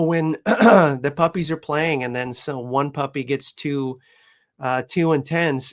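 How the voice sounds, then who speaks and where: A man who trains dogs, chatting casually and telling animated stories, often laughing and switching into high, playful voices for the people and dogs he quotes. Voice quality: chatty with frequent fillers and laughs. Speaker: dog trainer. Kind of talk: casual chat.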